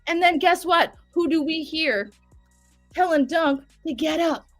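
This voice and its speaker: High-voiced woman recapping with swearing. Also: unhurried, no echo, soft background music. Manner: profane, animated storytelling. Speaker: show recap host. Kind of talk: casual chat.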